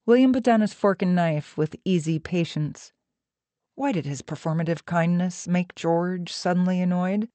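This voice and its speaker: A woman narrating an audiobook with an even, measured reading. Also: on the low side, dry recording.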